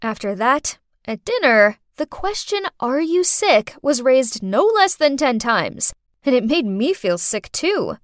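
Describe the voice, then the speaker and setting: A woman narrating a first-person story for a podcast in an expressive, dramatic way. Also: high-pitched, unhurried, no echo, studio quality.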